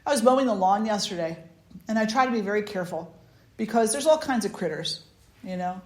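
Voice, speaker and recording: A woman gives an informal spiritual talk as the teacher of a satsang, chatty and animated, laughing often and restarting her sentences as she goes. Her voice sits in a middle pitch. The recording carries a roomy echo. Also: brisk.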